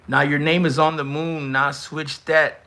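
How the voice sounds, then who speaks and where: Excitable young man roasting on a live stream. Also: a little high, measured pace. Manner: excitable, teasing, shouts and stretches words at big moments. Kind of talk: casual live-stream commentary.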